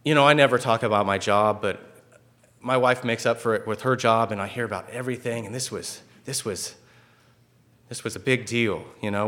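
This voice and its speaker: A man's voice: medium pitch, normal speed, fairly bright tone. A man sharing a personal testimony at church in an earnest, conversational way, with many fillers and restarts.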